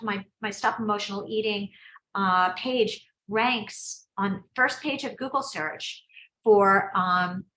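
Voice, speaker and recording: A woman leads a business coaching session over a video call, talking in a quick, chatty way that keeps breaking off and restarting. Her voice is bright and forceful, and it carries an echo from the room she is in. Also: mid-range voice. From United States. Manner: quick, chatty, self-interrupting, encouraging.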